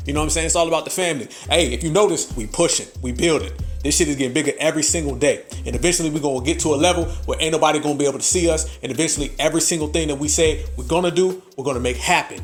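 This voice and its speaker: A man hosting a podcast, delivering a brash, profane comedic rant full of laughter. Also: a little high. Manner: brash, laughing, heavy swearing. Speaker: podcast host.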